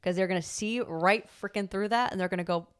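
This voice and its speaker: A woman with a clean-toned, mid-range voice talks at a quick pace as co-host of a casual conversational podcast. Chatty and rambling, she peppers her speech with "like" and laughs often through her stories.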